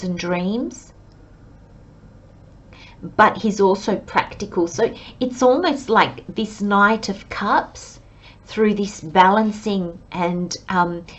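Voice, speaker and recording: A woman giving a pick-a-card tarot reading, speaking gently and reflectively and addressing her viewers as friends. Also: mid-range voice, highs cut off. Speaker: tarot reader.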